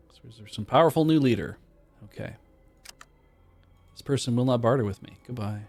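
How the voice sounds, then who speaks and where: Streamer guy reading game text out loud, casual, mid pitch voice, faint music under it. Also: a little fast, pauses often. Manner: reads game text aloud, bursts into loud surprised swearing. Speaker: streamer playing a modded game. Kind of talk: casual gameplay commentary.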